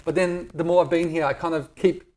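A middle-aged man with an Australian accent answers interview questions in a relaxed, candid way. He jokes easily and pokes fun at himself. His voice sits a little higher than most men's. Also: fairly quick. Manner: candid, joking, self-deprecating. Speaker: guest. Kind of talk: casual interview chat.

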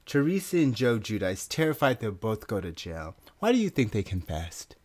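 A man co-hosts a casual talk show, teasing his partner with wry remarks. His pitch swings widely, his voice sits a little low, and the sound is dry and close. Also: very animated, moderate pace, darkish tone, no room sound. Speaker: podcast co-host. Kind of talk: casual chat.

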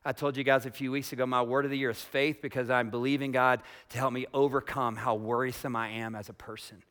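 A man preaching a sermon as pastor, swinging between loud emphatic declarations and quiet asides, asking his listeners direct questions. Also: mid-range voice, little pitch movement, fast talker. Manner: asks the congregation direct questions.

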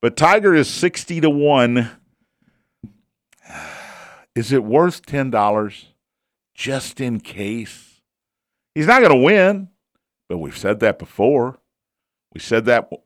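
A man's voice: medium pitch, no room sound, clean studio sound. A man hosting a casual sports talk show, chatty and opinionated, who asks himself questions and answers them.

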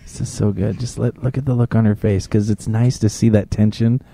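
Low gravelly man, hushed commentary. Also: fairly even intonation, a little fast. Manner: hushed, fond, often trailing into whispers. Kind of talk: casual live commentary.

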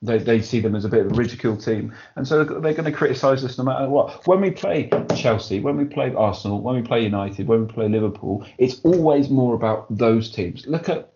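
A man's voice: mid-range voice, a little fast, few pauses. A man co-hosting a casual chat and getting passionate and fired up as he talks. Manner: passionate, builds up excitedly. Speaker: podcast co-host. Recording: dull lo-fi audio.

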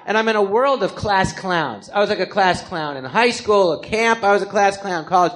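A man in his fifties with an American accent, telling his life story on stage as a comedian, animated and acting out the people he quotes. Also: high-pitched, a little fast, few pauses. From Los Angeles, California. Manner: animated, acts out quoted people in different voices. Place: live theatre stage before an audience.

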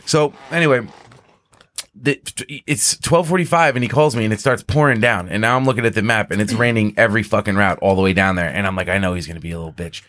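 A man's voice: on the low side, steady tone, fast, a bit bright. A man telling a long, rambling, profanity-filled story on a casual podcast. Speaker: podcast co-host.

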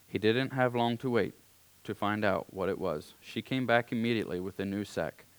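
A man reading a story aloud in a calm, unhurried way, now and then clearing his throat. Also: fairly low pitch, dry recording.

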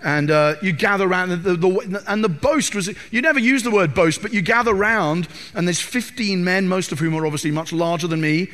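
Brief: preacher, high-pitched, animated and funny, echoing church hall. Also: male voice, fairly quick, hardly any pauses. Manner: animated, humorous, acts out film quotes. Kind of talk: sermon. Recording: reverberant hall.

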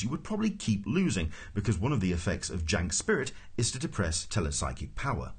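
A low, husky male voice narrating an audiobook with dry, wry timing. His pitch moves a lot, lively and animated across each sentence. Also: a little fast. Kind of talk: scripted narration.

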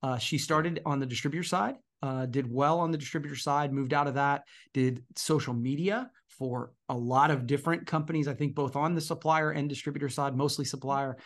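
A man's voice: fairly high pitch, steady tone, brisk, hardly any pauses. A man co-hosting a podcast in casual chat, easygoing and chatty. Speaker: podcast co-host.

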